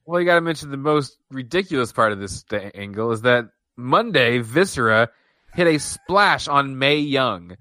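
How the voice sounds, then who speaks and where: Laid-back male podcast co-host, bright and forceful tone, dry close-mic sound. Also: medium pitch, lively intonation, moderate pace, dry recording. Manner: laid-back, says "dude", acts out reactions. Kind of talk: casual chat recapping wrestling.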